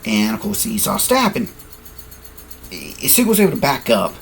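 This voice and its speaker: A man's voice: mid-range voice, wildly swooping pitch, a little slow, vocal fry, slight background noise. A man improvising a fan-fiction story, rambling, correcting himself and apologizing as he goes, sleepy and yawning.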